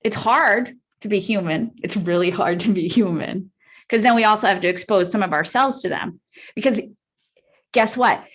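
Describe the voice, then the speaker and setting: A woman leading a live real estate training call, upbeat and peppering the group with "right?" as she talks. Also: medium pitch.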